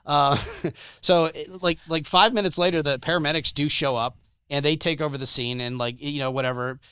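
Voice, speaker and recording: A man who is a guest on a podcast, telling a story casually in a rambling, animated way with many restarts. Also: a little high, normal speed, smooth, dry recording.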